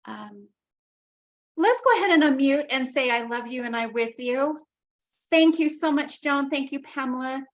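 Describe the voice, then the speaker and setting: A woman's voice: high voice, animated, normal speed. Woman hosting an online group call. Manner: warm-hearted, repeats herself, loving affirmations. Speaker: call host. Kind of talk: casual spiritual group call talk. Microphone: video call. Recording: dull lo-fi video call audio.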